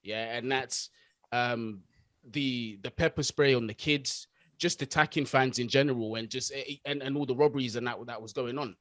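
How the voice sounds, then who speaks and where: A man co-hosting a casual chat, speaking in a measured, reflective way. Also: medium pitch, fairly even intonation, fairly bright tone, dry recording.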